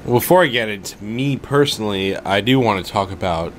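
A man's voice: fairly low pitch, lively intonation, a little fast, a little hiss or hum. A man co-hosting a podcast in casual chat, easygoing and agreeable. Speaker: podcast co-host.

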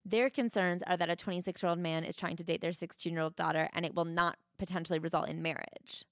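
A woman's voice: fairly low pitch, fairly even intonation, fast talker, a bit bright, dry recording, studio quality. A woman co-hosting a podcast, reading passages from a memoir and bluntly critiquing them, swearing now and then. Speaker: podcast co-host.

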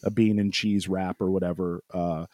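A man's voice: low-pitched, little pitch movement, normal speed, a little mellow, no echo. A man telling a travel story in a casual chat, rambling with lots of fillers, laughing often and acting out quoted lines.

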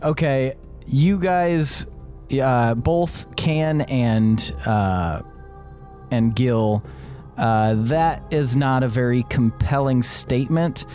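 A man's voice: mid-range voice, drawn-out words, warm tone, soft background music. A man narrating as game master in a tabletop game, loosely and with lots of "like" and restarts. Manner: loose narration full of "like" and restarts, laughing along.

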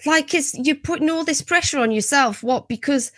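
A woman's voice: high-pitched, normal speed, fairly bright tone, dry recording. A woman in casual podcast chat who swears freely and laughs often. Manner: laughs often, acts out her own inner voice. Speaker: podcast guest.

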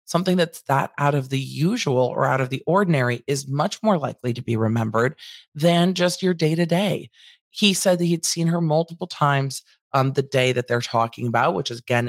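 A woman's voice: deep voice, dry recording. Woman, legal commentator, casual chatty delivery, paraphrases witnesses, dry close sound. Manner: chatty, paraphrasing testimony with asides.

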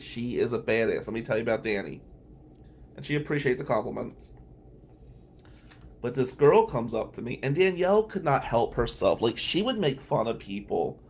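A man from New Jersey hosts a podcast, telling blunt, casual stories in tribute to a colleague. His mid-pitched voice has a gravelly rasp, with faint noise underneath. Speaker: podcast host, defense lawyer. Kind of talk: storytelling tribute.

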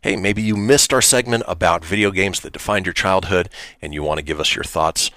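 A man's voice: sits low, fairly quick, sharp tone, dry recording, clean studio sound. A man hosting a radio talk show, talking loosely and wryly with lots of "uh" fillers. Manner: loose and conversational, many uh fillers, wry.

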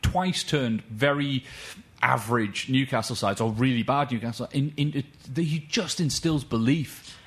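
A man, co-hosting a casual football podcast, animated and swearing freely. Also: mid-range voice, moderate pace, few pauses. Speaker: podcast co-host.

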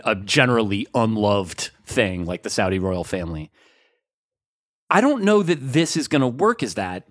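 A man co-hosting a sports podcast in casual chat, rambling and animated with many fillers. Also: fairly low pitch, dry recording, studio quality. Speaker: podcast co-host.

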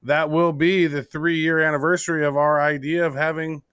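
A man's voice: a little high, flat delivery, moderate pace, fairly bright tone, clean tone, dry recording, studio quality. A man co-hosting a casual crypto podcast, joking and bantering with his partner. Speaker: podcast co-host.

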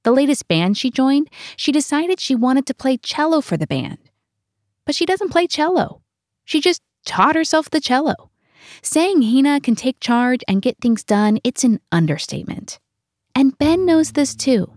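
A woman narrating a true story in an earnest, measured way, as the host. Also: high voice, lively intonation, no echo, clean studio sound. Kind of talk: scripted narration.

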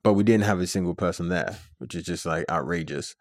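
Lively man telling a story. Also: sits low, a little fast, dry recording, studio quality. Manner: animated, many fillers like "like". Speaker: guest, company founder. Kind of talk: casual interview storytelling.

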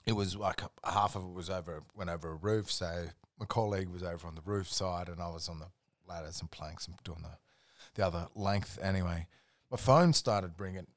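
Low-voiced, sweary Australian guy. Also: a little fast, hardly any pauses, no echo, clean studio sound. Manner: laid-back, sweary, rambling anecdotes. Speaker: podcast guest. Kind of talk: casual storytelling chat.

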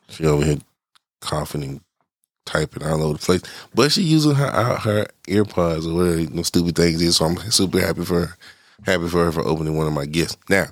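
Man, middle-aged, congested, rambling podcast host, extremely low voice, dry close sound. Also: no echo. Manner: rambling and loose, self-interrupting. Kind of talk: casual solo podcast chat.

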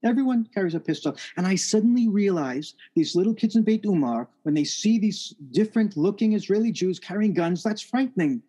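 A man with a notably high voice tells a story from his own life. He speaks in an earnest, reflective way. His pitch lifts further as the feeling builds. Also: animated, fairly quick, few pauses, mellow. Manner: earnest, reflective, rises in pitch at emotional peaks. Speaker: speaker telling a personal story. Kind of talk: first-person storytelling talk.

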